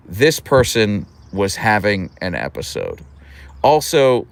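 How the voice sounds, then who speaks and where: A young man hosting a livestream, telling a story in an animated way and laughing often. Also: mid-range voice, a little slow. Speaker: livestream host. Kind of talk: casual livestream chat reading comments.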